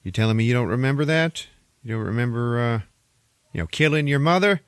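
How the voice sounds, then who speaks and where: A man's voice: medium pitch, fast, smooth, no echo, studio quality, voice pushed up, lightly acted. A man voicing a blunt male asylum doctor in an offhand, everyday voice while retelling a film on a podcast. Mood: questioning.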